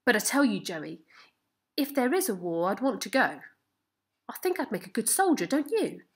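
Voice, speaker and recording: A woman's voice: on the high side, very animated, normal speed, slightly rough, exaggerated voice. A woman reading aloud as a kind, eager fifteen-year-old farm boy who speaks tenderly to his horse. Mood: earnest. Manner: tender, coaxing, proud. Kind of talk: storybook reading.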